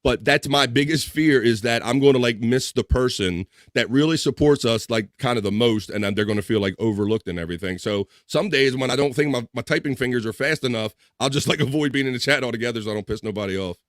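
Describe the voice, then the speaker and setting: A man's voice: mid-range voice, quick pace, hardly any pauses, no echo, clean studio sound. A man hosting a casual livestream, joking loosely and reading viewer comments aloud. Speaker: livestream host. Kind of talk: casual live chat.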